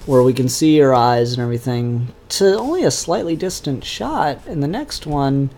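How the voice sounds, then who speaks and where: A man's voice: medium pitch, sing-song, normal speed, a little mellow. Man, casual comic review, rambling, opinionated, filler-heavy.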